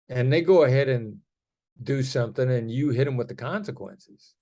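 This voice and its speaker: With a warm, mid-range voice, a middle-aged podcast guest talks animatedly at a normal speed. As a negotiation expert, he explains things in a conversational manner and demonstrates shifts in tone through his examples.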